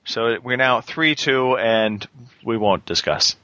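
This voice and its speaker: A man's voice: mid-range voice, slow pace, sharp tone, no echo. A man hosting a casual podcast gaming quiz in a playful, mock-formal quizmaster manner. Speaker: quiz host.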